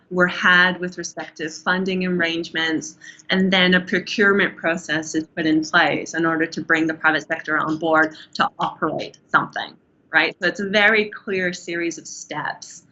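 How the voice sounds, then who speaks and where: An Australian woman researcher giving a measured, explanatory answer in an academic interview, with frequent restarts. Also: fairly low pitch, sharp tone. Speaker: urban planning researcher, interview guest. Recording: muffled, dull audio.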